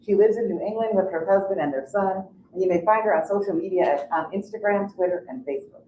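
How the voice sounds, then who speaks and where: A woman moderator in a bookstore reading a guest's bio aloud and adding quick asides. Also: mid-range voice, dark tone, slight background noise. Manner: reads bios, ad-libs asides. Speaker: event moderator. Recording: distant voice in an echoey bookstore.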